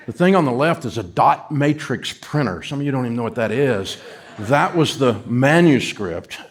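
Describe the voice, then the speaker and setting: A middle-aged man with a Southern US accent, telling a folksy, self-mocking story to an audience. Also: mid-range voice. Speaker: speaker addressing an audience. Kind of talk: storytelling talk.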